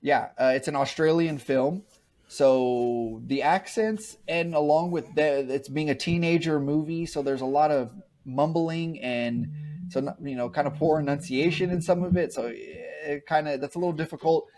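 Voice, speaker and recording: On a podcast, a male co-host casually reviews a horror film, rambling, repeating himself and restarting sentences. His voice is on the high side and a little mellow, at a normal speed.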